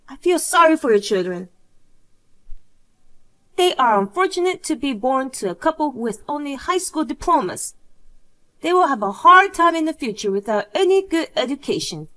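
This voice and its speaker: A woman's voice: sits high, a bit bright, pitched above the performer's own voice. A woman's voice, probably synthetic, reading the lines of a pushy, self-centered young woman in a drama story. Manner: demanding, huffy.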